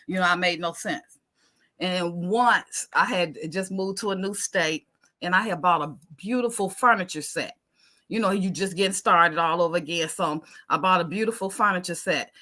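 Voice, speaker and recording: A woman tells a story with great animation, jumping between her own voice and the people she quotes. Her tone is bright and forward, and the telling is expressive and conversational. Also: medium pitch. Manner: expressive, acts out dialogue, Southern American speech patterns. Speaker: guest giving testimony.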